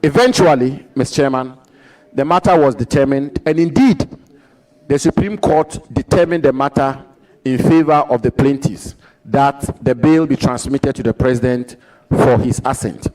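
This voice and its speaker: Deliberate man questioning a nominee. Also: medium pitch, darkish tone, low-quality recording. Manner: deliberate, quotes the record and repeats points for emphasis. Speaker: committee member questioning a nominee. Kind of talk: formal parliamentary questioning.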